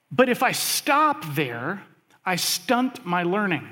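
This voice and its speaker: A man preaching a sermon, speaking to his congregation conversationally, with lots of fillers and animated asides. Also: high voice, slow pace, long reverb tail. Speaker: pastor.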